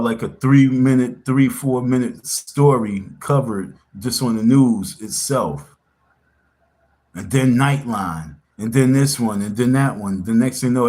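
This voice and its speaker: A man's voice: medium pitch, moderate pace, a little mellow. A man hosting a casual livestream, talking in an insistent, confrontational way and repeating himself for emphasis. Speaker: livestream host.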